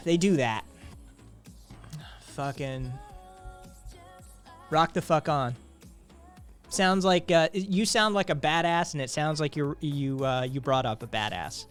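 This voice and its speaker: A man's voice: on the high side, a little slow, faint music behind. A man hosting a live stream, chatting casually, swearing freely and reading viewer messages aloud. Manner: profane, animated, reads chat messages aloud. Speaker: streamer host.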